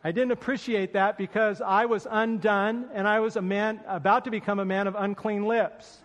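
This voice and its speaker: A man with a high voice preaches a sermon. He tells a personal story with self-deprecating humor. His voice rings with the long reverb of a large hall. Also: little pitch movement, moderate pace, fairly bright tone. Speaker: pastor.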